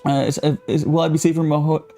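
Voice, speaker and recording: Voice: mid-range voice, level tone, quick pace, mellow, faint music behind. A live-streamer reading quest text aloud and stopping to react to viewer chat, with fillers and restarts.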